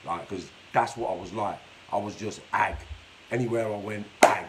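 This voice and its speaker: A man's voice: on the low side, normal speed, very noisy. Blunt, foul-mouthed man. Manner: blunt, heavy swearing, streetwise slang. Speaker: live-stream host telling his life story. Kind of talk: casual storytelling monologue. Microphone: phone or webcam for a live stream.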